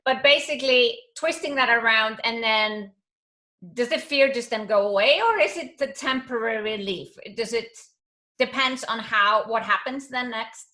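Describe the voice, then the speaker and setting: A woman's voice: fairly high pitch, moderate pace, bright, forceful tone. A woman hosting a conversational interview, giving short affirmations and asking reflective follow-up questions. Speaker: interview host.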